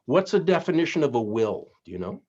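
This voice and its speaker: A man's voice: medium pitch, sing-song, fairly quick, a little mellow. A man hosting a casual chat, telling puns and stories and laughing at his own jokes. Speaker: host. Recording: dull lo-fi sound.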